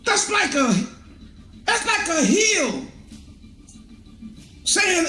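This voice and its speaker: A man preaching a street sermon, impassioned, often shouting and laughing as he swings between high and low. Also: sing-song, takes it slowly, long pauses, echoey room.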